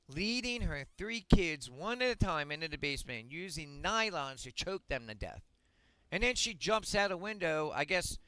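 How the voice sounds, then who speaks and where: A man streaming a game, delivering a blunt, profane rant that swings up to shouting. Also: on the high side, no echo, rough recording. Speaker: gaming streamer. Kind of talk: ranting monologue on a livestream.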